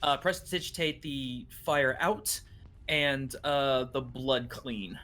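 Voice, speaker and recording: A man's voice: mid-range voice, slow, pushed and bright. A man chatting as a player in a tabletop game, who stumbles over his words now and then. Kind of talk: casual tabletop game chat.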